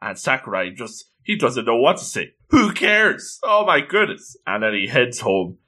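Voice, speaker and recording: A man reading a comic aloud in casual commentary, chatty and quick to exclaim at what happens. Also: medium pitch, very animated, sharp tone. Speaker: manga reader. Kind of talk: casual read-along commentary.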